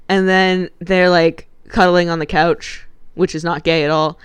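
A woman's voice: fairly low pitch, steady tone, normal speed, smooth, dry recording, clean studio sound. A woman co-hosting a casual podcast, retelling a movie plot and acting out the characters' lines with frequent laughs. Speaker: podcast co-host.

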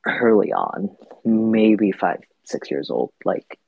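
A man's voice: fairly low pitch, big pitch swings, slow pace, gravelly, breathy edge, no room sound. A man from Vietnam, a podcast guest, talking thoughtfully and hesitantly with many fillers and restarts, in dull lo-fi audio. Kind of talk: reflective podcast conversation.

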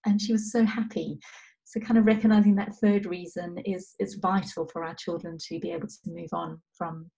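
A woman in her thirties, a guest in a casual interview, talking gently about parenting and pausing often as she tells a story. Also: on the low side, fairly even intonation, creaky, rough recording. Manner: gentle storytelling with frequent pauses.

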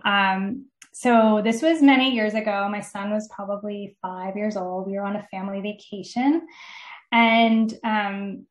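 In an interview, a middle-aged woman appears as a podcast guest and earnestly tells a personal story, using lots of filler words. Her voice sits at a medium pitch and has a roomy sound.

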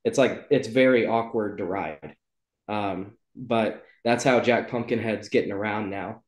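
A man with a lowish voice, talking a little slowly, hosts a casual book club podcast where he rambles, says um a lot and corrects himself. The recording carries a roomy echo.

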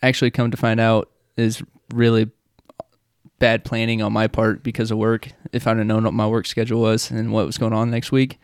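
A man's voice: on the low side, monotone, brisk, clean tone, no room sound, studio quality. A man from the American Midwest co-hosting a live-streamed podcast, laid-back and playfully argumentative. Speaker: podcast co-host.

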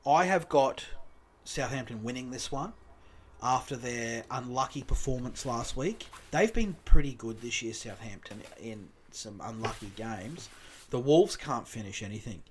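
A man's voice: mid-range voice, animated, unhurried, slight background noise. A man co-hosting a casual football chat, joking and swearing as he makes match predictions. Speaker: podcast co-host.

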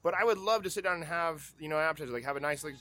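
A man talks in loose, rambling bursts, breaking into laughter between thoughts. His voice sits a little high and sounds bright and forward. It is a dry, close recording. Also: rapid-fire, soft background music. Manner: laughs often, rambling and joking. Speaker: bartender guest. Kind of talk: casual chat.

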